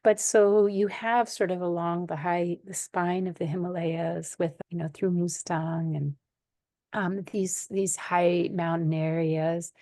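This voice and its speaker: A woman from the United States tells animated stories as a guest, breaking into laughter often. Her voice sits fairly low. The recording is close and dry. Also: unhurried, no room sound. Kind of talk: conversational storytelling.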